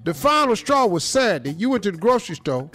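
A man hosting a show, giving comedic advice commentary in an animated, teasing, streetwise style. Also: high voice, fast talker, faint music behind. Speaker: radio show host.

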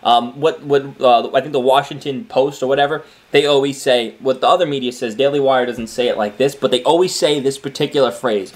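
A man's voice: mid-range voice, moderate pace. A man reading news articles aloud and breaking off into opinionated, scornful commentary, with many fillers and restarts. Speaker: political commentator.

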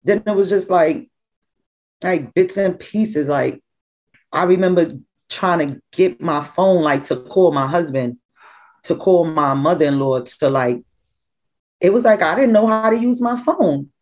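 Low-voiced middle-aged woman giving testimony. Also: unhurried, rough recording. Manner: raw, emotional storytelling with animated quoted voices. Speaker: bereaved mother. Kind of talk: personal testimony.

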